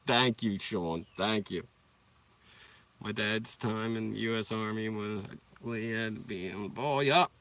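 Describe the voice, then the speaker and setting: Young dude on a livestream, bright tense voice, kinda far off the mic, swears a ton, rambles hyped. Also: male voice, on the low side, measured pace. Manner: profane, rambling, hyped storytelling. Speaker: livestream host. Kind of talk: casual livestream chat.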